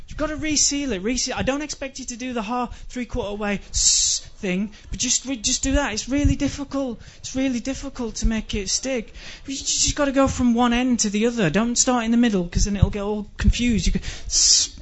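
High-voiced man ranting in exasperation. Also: a little fast, hardly any pauses, highs cut off. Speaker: comedian. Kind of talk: stand-up comedy rant.

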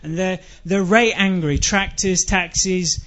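A man with an English accent tells a comic monologue in a dry, rambling, self-deprecating way, now and then bursting into shouts. His voice sits high for a man. The recording is dull and lo-fi. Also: steady tone, measured pace. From England.

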